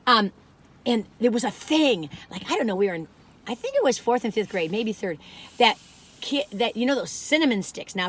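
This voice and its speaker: A woman's voice: fairly high pitch, fairly bright tone. Chatty rambling older woman. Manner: rambling, chatty, easily sidetracked. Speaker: food vlogger. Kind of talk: casual chatty food review vlog.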